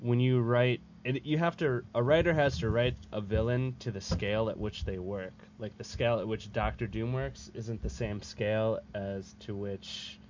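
A man's voice: lowish voice, steady tone, normal speed, hardly any pauses, darkish tone. Rambling, jokey man on a lo-fi podcast. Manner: rambling and jokey, trails off mid-thought. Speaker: regular contributor. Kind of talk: casual roundtable chat. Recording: muffled lo-fi audio with faint room noise.

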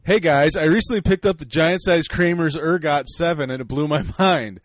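A wacky male mail puppet, put on by a podcast host, reading fan mail in a raised, goofy radio-style voice. He talks loud and high, keeps cracking up mid-sentence, and the room around him sounds dry and close. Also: moderate pace, no room sound, natural voice.

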